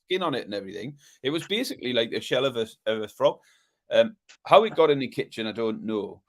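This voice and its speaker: A man co-hosting a podcast, telling a story in a casual, animated way and often dropping to a low murmur. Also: quick pace. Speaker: podcast co-host.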